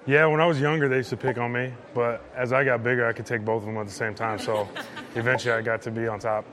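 A man's voice: mid-range voice, steady tone, fast, a crowd in the background. A man, a football player, answering questions with good humor. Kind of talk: casual interview answer.

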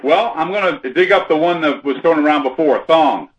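A man competing as a contestant on a talk show quiz, answering deliberately and spelling things out, heard over a dull lo-fi line. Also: on the high side. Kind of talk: casual radio banter.

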